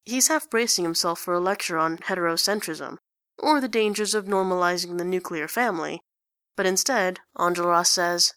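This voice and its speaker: A woman's voice: fairly low pitch, normal speed, fairly bright tone, no echo. A woman reading a story aloud in a dry, wry narrating manner. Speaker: story reader. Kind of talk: reading fan fiction aloud.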